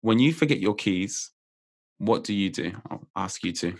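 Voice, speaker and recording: Male guest, memory coach, slightly low voice, upbeat and playful, laughs through his explanations. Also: moderate pace, vocal fry. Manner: lively and playful, laughs often while explaining. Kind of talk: explaining memory techniques in casual chat.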